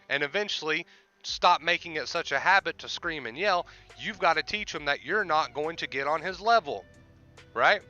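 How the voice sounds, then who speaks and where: A man's voice: on the high side, pushed and bright, dull audio. A man hosting a livestream, explaining with repetition and emphasis in casual talk. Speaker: livestream host and life coach.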